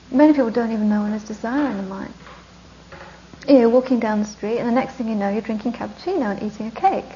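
A woman with a fairly high but mellow, soft-edged voice gives a relaxed Buddhist dharma talk. She keeps it conversational, tosses in rhetorical questions and laughs easily as she teaches. The recording is dull and lo-fi. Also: slight background noise.

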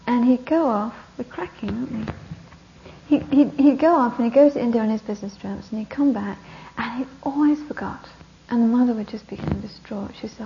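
A woman Buddhist teacher giving a talk, telling a story with lively narration that often drops to a whisper. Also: a little high, a little fast. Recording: dull lo-fi recording with faint hiss.

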